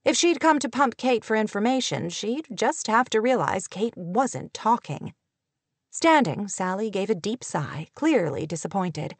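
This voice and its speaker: A woman narrating a novel audiobook in a measured, even storytelling manner, recorded on a close studio mic. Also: medium pitch, no echo. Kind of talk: scripted narration.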